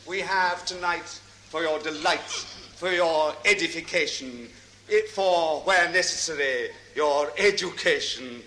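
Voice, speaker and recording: Grandiloquent high-voiced male music hall compere. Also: expressive, measured pace, pushed and bright, a little hiss or hum. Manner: florid, pompous wordplay with grand flourishes. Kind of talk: theatrical stage compering. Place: theatre stage before a live audience.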